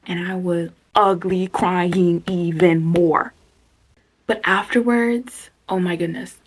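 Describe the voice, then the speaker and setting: A woman hosts a self-help video, casually guiding a reflection in a chatty way, interrupting herself and now and then sinking to a soft near-whisper. Her voice sits fairly low, gravelly with a breathy edge.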